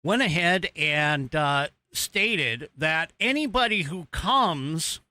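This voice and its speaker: Talking over the video footage he's playing, an American political podcast host rambles casually with many fillers and restarts. His voice is on the high side, pushed and bright, with lively intonation and a slow pace. The recording is dry.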